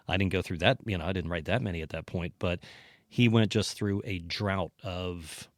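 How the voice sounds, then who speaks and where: A man's voice: low voice, normal speed, no room sound. A man guesting on a casual podcast, joking around and talking about songwriting. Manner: joking, animated, self-deprecating. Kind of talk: casual chat.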